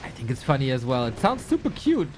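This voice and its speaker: Animated bantering male game caster. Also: mid-range voice, fast talker, soft background music. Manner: playful, bantering, laughs often. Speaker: esports caster. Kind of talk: casual game commentary.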